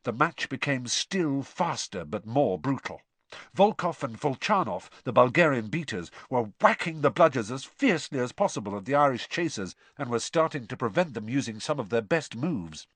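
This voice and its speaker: Expressive male audiobook narrator. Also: medium pitch, moderate pace, no room sound. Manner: expressive, varied delivery.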